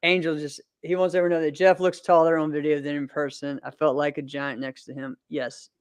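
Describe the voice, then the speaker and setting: 30s guy rambling on a podcast, laughs a lot, lots of ums, clean smooth voice, dry close sound. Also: on the high side, level tone, brisk, dry recording. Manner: rambling, upbeat, laughs often, many fillers. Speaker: podcast host and martial arts competitor. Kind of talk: casual chat.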